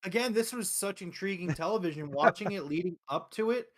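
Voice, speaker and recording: Excited profane man, slightly high voice. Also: a little fast. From Philadelphia. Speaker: host. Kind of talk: casual wrestling review chat.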